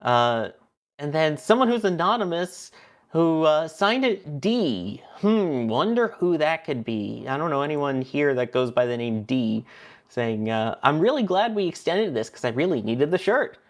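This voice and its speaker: A man's voice: fairly high pitch, big pitch swings, unhurried. A man co-hosting a livestream, chatty and punning, reading viewer messages aloud. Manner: chatty, punning, laughs often. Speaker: co-host.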